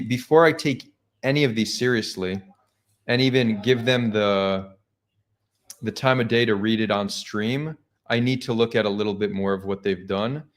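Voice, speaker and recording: A man hosting a live stream, talking casually and skeptically, thinking aloud with frequent restarts. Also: lowish voice. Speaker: streamer host.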